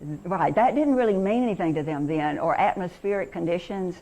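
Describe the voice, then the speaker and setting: A woman's voice: on the low side, moderate pace, dark tone, poor audio. A woman in her sixties giving a chatty, encouraging workshop talk on reading to teachers and parents, with many restarts.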